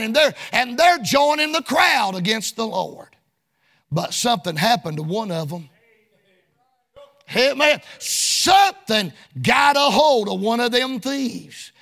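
A very high male voice with vocal fry carries this sermon, which rises and falls in a sing-song cadence. The preacher often breaks into shouts and uses folksy, everyday language.

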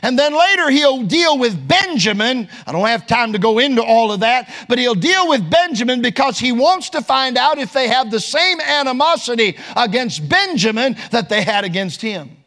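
A man's voice: very high-pitched, big pitch swings, normal speed, hardly any pauses, bright, forceful tone. A man preaching a sermon, quoting scripture in King James wording and rising for emphasis.

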